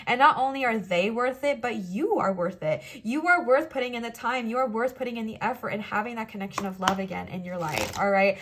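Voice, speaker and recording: A young woman reads tarot cards for her viewers in a chatty, playful voice that sits a little high. She reassures her listeners warmly and now and then slips into little acted-out quoted voices. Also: brisk, few pauses. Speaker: tarot reader. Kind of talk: pick-a-card tarot reading.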